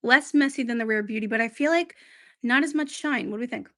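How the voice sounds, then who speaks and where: A woman's voice: on the high side, fast talker, no echo, clean studio sound. A woman hosting a beauty livestream, chatting casually and rambling as she reads viewer comments. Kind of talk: casual live-stream chat, reading viewer comments.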